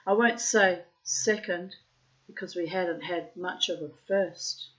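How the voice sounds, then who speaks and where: A woman reading a literary short story aloud in first person, with slow, measured narration. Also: fairly low pitch, fairly bright tone, dull audio. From child of migrants. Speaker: reader.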